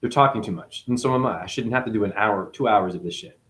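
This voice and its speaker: A man's voice: lowish voice, fast, a bit bright. A man giving a spiritual monologue as a teacher, preachy and profane, firing one rhetorical question after another.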